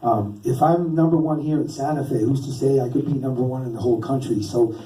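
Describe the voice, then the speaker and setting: A man doing stand-up storytelling, rambling and interrupting himself with a deadpan, teasing manner. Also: mid-range voice, brisk. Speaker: stand-up comedian and cartoonist. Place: stage in a venue. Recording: roomy, distant live stage recording.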